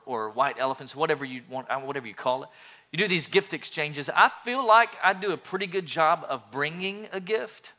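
A man preaching a sermon as a pastor, animated, with jokey asides and quick impressions of churchgoers. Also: on the high side.

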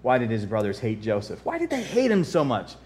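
A man preaching a sermon as pastor, folksy and joking, swinging from soft asides to loud emphatic repetition and reading scripture aloud. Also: medium pitch, huge pitch swings, fairly quick. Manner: folksy humor, reads King James scripture aloud.

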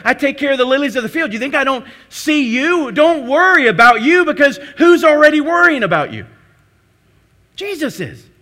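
Male pastor, high bright voice, emphatic sermon delivery with rhetorical questions.

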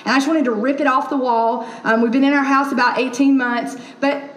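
A woman with a high, bright-pitched voice preaches a casual, story-filled sermon. She talks in a chatty way, full of ums and asides. The sound is roomy, with the echo of a church hall. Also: fairly even intonation, brisk. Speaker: pastor. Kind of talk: conversational sermon.

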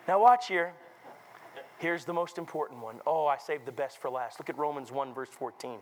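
A man preaching a revival sermon as a visiting preacher in a church, dramatic, acting out the voices he quotes, swinging from low murmurs to shouted peaks. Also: brisk, poor audio. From North Carolina. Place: church sanctuary.

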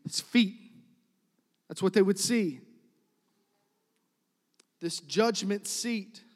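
Male pastor, high voice, emphatic sermon delivery that rises and falls, long hall echo behind. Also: drawn-out words. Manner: emphatic, repetitive preaching that swings from loud builds to soft drops.

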